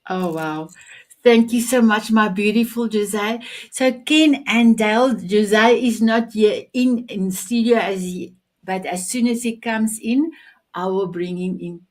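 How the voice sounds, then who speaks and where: A woman's voice: medium pitch, a little slow, a little mellow. A woman hosting a live online talk show, effusive and rambling, just recovering from food poisoning. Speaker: show host.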